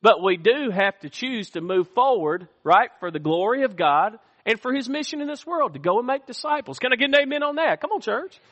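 A man's voice: extremely high pitch, big pitch swings, fairly quick, hardly any pauses, fairly bright tone, highs cut off. A man preaching a sermon, calling out to the congregation for amens in a church sanctuary. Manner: call-and-response preaching, asks the congregation for amens. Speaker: pastor. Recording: echoey church hall.

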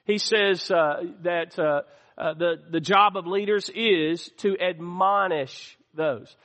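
In a church sanctuary that sounds like a large hall, a pastor with a high-pitched, fairly bright voice preaches a sermon slowly. He works in call-and-response style, calling out to the congregation and asking for amens.

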